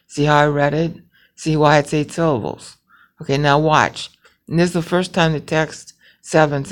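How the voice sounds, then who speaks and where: A woman teaching a Bible lesson from a hospital bed while ill. She explains patiently, checks in often with "okay?", and slows right down to sound out Hebrew clauses syllable by syllable. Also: sits low. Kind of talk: recorded teaching. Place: hospital room.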